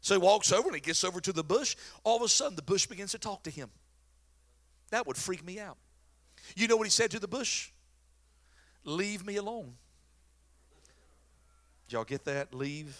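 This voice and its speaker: A middle-aged pastor preaches with a bright, forceful edge to his voice. He tells stories and jokes in a folksy, animated way. His voice sits high for a man. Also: a little fast. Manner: folksy, joking, animated storyteller. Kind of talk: sermon.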